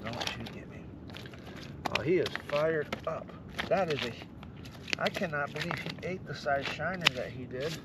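A man, excitedly talking to viewers while ice fishing on a frozen lake. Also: fairly high pitch, normal speed. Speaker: fishing vlogger. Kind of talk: casual outdoor commentary. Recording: outdoor wind noise, distant mic.

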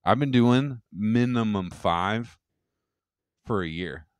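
A man with a fairly low, smooth, resonant voice. He chats casually on a podcast, rambling and boasting with lots of profanity. The sound is dry and close. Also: lively intonation, slow, dry recording. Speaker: podcast co-host and stand-up comic.

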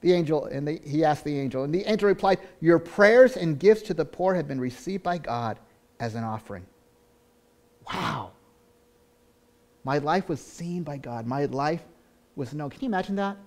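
Male pastor, sermon delivery, high voice, earnest, repeats and restarts, loud-to-hushed swings. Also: lively intonation, moderate pace.

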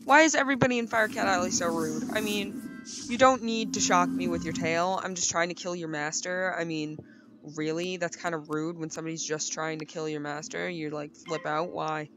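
A young woman giving playful, chatty commentary over her gameplay, often jumping to high, excited bursts. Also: fairly quick, over music. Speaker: gaming YouTuber.

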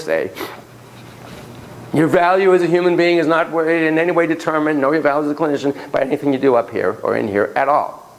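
Guy lecturing a psych class, lively, goes quiet then punchy, repeats himself, faint hiss behind. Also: mid-range voice, low-quality recording. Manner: animated, swings between soft and emphatic, repeats phrases. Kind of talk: classroom lecture with a volunteer demonstration.

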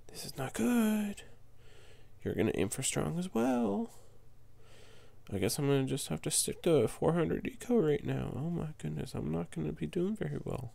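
Gravelly young man muttering game commentary. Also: sing-song, normal speed, warm tone, no echo. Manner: muttering to himself, then flaring into high exasperated yelps. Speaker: gamer commentating his own match. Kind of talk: casual gameplay commentary.

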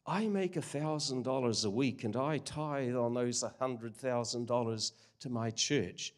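A man voicing a relaxed, unbothered castaway in a joke, speaking calmly. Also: medium pitch, measured pace, natural voice. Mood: smug. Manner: calm, relaxed.

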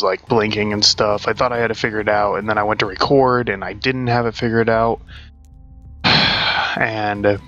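Playing a game at his home desk, a young gaming channel host chats in a rambling, profane let's-play style. His fairly low voice sounds bright and forceful, and the recording's highs are cut off.

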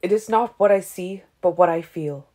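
A woman reading an audiobook, voicing a nervous male vampire who speaks in a high, anxious voice. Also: normal speed, close to an everyday voice.

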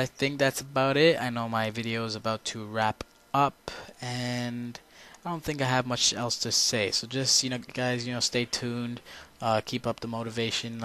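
Tired, rambling young-sounding man, flat delivery. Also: mid-range voice, clear, resonant tone. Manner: rambling, full of "you know" and "um". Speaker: gaming channel host. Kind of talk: casual talk to viewers.

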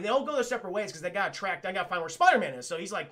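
A man recapping a cartoon episode for a live chat in a casual, profane, excitable way, laughing often. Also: high-pitched, rapid-fire, creaky. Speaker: cartoon reviewer streaming to chat.

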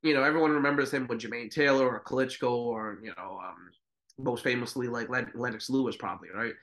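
A man's voice: mid-range voice, brisk, a bit bright. A man co-hosting a boxing podcast, talking in a laid-back, profane way full of filler words. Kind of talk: casual chat.

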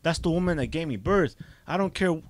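A man's voice: on the high side, expressive, fairly quick. A young adult man, a podcast guest, casually telling his life story in street slang with frequent restarts and bits of Spanish.

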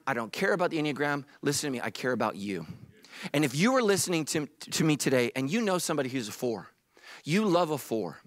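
High-voiced pastor preaching emphatically. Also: male voice, fairly bright tone, dry recording. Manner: emphatic, repetitive preaching with humor. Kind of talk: sermon. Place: church stage.

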